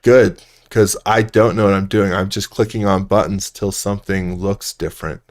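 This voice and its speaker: A man's voice: low-pitched, steady tone, moderate pace. A man hosting a casual livestream tutorial, muttering to himself as he works and trailing off mid-sentence, with frequent self-deprecating laughs. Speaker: host modeling furniture in 3D software.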